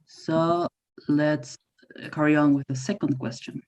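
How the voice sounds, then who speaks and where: A woman's voice: low-pitched, level tone, unhurried, darkish tone. A woman moderating a language exchange, announcing each question in an orderly way over a video call. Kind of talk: event moderation. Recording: muffled video call audio.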